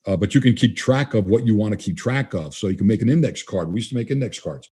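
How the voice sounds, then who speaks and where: A man's voice: lowish voice, lively intonation, fast, dark tone, slightly rough. An older man, a guest trainer, talking casually in an interview and acting out the dialogue he quotes in his stories. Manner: conversational, acts out quoted dialogue.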